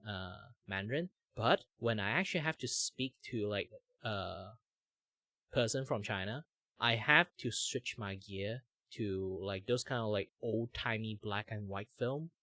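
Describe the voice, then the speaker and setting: Ein junger Mann mit malaysischem Akzent, der im lockeren Plauderton abschweift, oft „like“ einstreut und lebhaft Stimmen nachmacht. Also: male voice, fairly low pitch, a little slow, no room sound. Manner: rambling, many "like" fillers, animated impressions. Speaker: streamer host. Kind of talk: casual chat while drawing.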